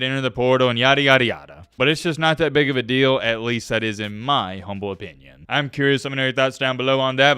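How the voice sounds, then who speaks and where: A man giving casual, joking sports commentary to his viewers, swinging between loud outbursts and quiet asides. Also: mid-range voice, clear, resonant tone, no echo, studio quality.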